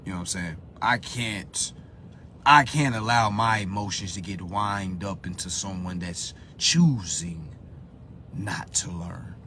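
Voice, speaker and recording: A man hosting a live phone stream in a profane rant, dropping to low muttering and then bursting into loud, high-pitched shouts. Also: a little slow, slight background noise. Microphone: phone on a social live stream.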